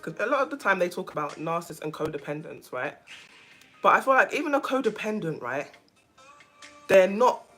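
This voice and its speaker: Emphatic woman vlogger with a low voice. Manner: animated, emphatic, repeats phrases for stress. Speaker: vlogger, self-care coach. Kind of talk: casual chat to camera.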